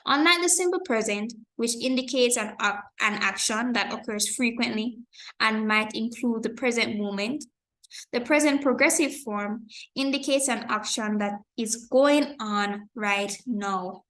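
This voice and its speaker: A woman teaching an online grammar lesson, explaining slowly and carefully with example sentences and correcting her own slips. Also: on the high side, a bit bright. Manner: corrects herself and apologizes for slips.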